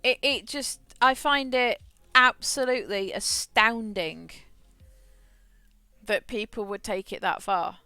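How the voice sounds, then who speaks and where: Her voice sits on the high side and she takes her time, sounding sharp and clean over faint background music in a dry recording. She's a streamer chatting casually during gameplay, wandering through a story she keeps restarting and repeating herself in.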